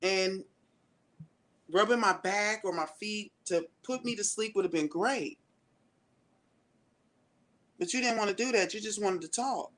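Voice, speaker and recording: A woman's voice: medium pitch, unhurried, long pauses. Candid woman telling stories. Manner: candid storytelling, relaxed. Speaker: guest. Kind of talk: casual chat.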